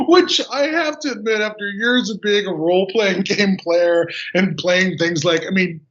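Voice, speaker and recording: Male podcast guest, high-pitched, animated sarcastic delivery, dull lo-fi recording. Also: measured pace. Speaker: podcast guest, game designer. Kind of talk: casual film discussion. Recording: dull lo-fi audio.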